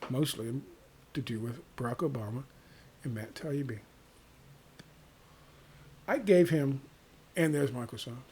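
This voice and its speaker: A man delivering a profane, exasperated, sarcastic rant as a vlogger, with a gravelly voice. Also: mid-range voice, a little slow, pauses often, darkish tone, slight background noise. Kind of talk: ranting monologue to camera.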